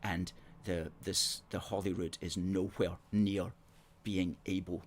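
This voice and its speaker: A man's voice: low voice, little pitch movement, slow pace. A man hosting a live talk show, arguing his case earnestly and reading viewer comments aloud into a table microphone. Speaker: host.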